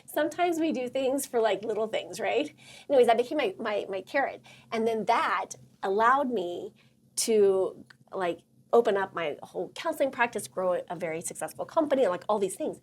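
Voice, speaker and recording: A middle-aged woman hosting a motivational workshop talk, chatty and excitable with lots of fillers and a husky voice. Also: fairly high pitch, moderate pace. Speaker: host and counselor.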